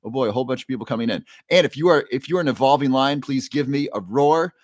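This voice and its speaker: A man's voice: mid-range voice, fast talker, no echo, clean studio sound. A man hosting a live stream, cheerfully greeting viewers by name and reading their comments aloud, with frequent fillers. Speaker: livestream host. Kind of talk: casual livestream chat, reading viewer comments. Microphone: new microphone.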